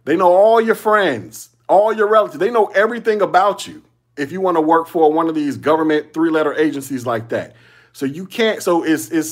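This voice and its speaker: A man hosting a solo podcast, giving casual commentary in loose slangy talk, repeating himself and chuckling often. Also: on the high side. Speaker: podcast host.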